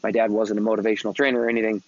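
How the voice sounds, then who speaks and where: Energetic middle-aged man telling a motivational story. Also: lowish voice, rapid-fire, lo-fi sound, slight background noise. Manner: energetic, casual, swears freely, repeats himself. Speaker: mentoring podcast host.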